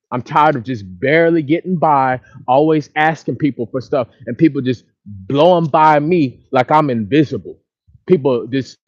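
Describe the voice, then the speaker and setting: A man talks into his phone outdoors by the water, venting at length in a frustrated, repetitive way. His voice sits at a middle pitch. The sound is dull and lo-fi, with almost no room echo. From Dallas, Texas. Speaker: vlogger. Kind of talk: casual outdoor monologue to a live chat. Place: outdoors by a lake or river.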